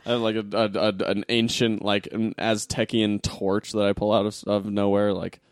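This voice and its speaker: A man's voice: lowish voice, little pitch movement, normal speed, clear, resonant tone, no room sound, studio quality. A man co-hosting a casual podcast chat, jokey and rambling.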